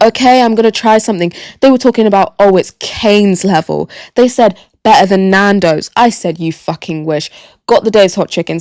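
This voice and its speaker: A young woman tells a rambling story on her own podcast. Her voice sits a little low, and she swears freely and repeats lines for emphasis. The sound is dry and close. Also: darkish tone, no room sound. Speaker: podcast host. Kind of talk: casual solo storytelling.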